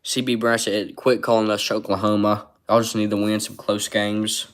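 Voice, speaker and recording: A man rambles through a casual sports live stream, stopping to read viewers' chat comments aloud. His voice sits low and stays fairly flat in pitch. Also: moderate pace. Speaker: sports livestreamer.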